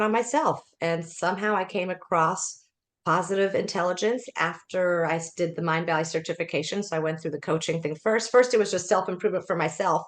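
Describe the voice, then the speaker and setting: A woman in her fifties, a life coach, telling her story in a chatty way, laughing often and restarting her sentences. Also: fairly low pitch. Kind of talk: conversational interview storytelling.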